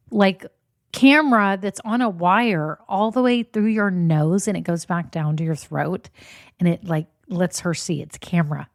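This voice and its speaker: A woman hosting her own podcast in a chatty, upbeat way, her voice a bit scratchy and hoarse from a swollen voice box. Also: mid-range voice, darkish tone, dry recording, clean studio sound. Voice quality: slightly scratchy voice. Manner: chatty and upbeat, says y'all. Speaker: podcast host. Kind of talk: casual solo podcast talk.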